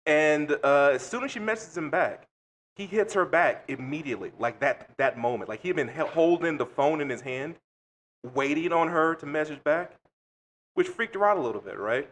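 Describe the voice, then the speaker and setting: A man's voice: on the high side, normal speed. A man co-hosting a podcast, telling a story in casual chat with blunt, profane delivery. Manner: blunt, profane, animated retelling. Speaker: podcast co-host.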